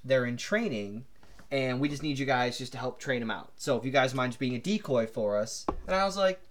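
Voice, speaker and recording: A man co-hosting a podcast, telling a long anecdote in an animated, rambling way full of fillers. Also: medium pitch, fairly quick. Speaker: podcast co-host. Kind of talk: casual storytelling chat.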